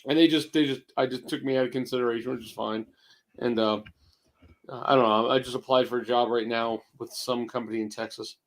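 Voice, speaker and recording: A man in his fifties co-hosting a casual chat, gruff and rambling, with restarts and swearing. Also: mid-range voice, steady tone, brisk. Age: 50s. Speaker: co-host.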